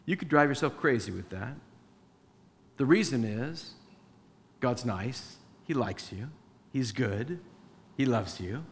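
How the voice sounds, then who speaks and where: Male pastor, sermon, conversational, mid-pitched voice, long church reverb. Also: lively intonation, slow pace, pauses often. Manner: conversational, acts out dialogue with his wife. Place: church with a sound booth.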